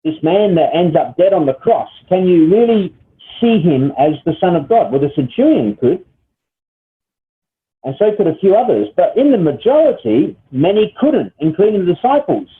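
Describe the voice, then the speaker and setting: A man's voice: high-pitched, big pitch swings, moderate pace. A man teaching a Bible study lesson, explaining step by step and often checking in with "all right?" and "okay?". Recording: tinny phone-like sound.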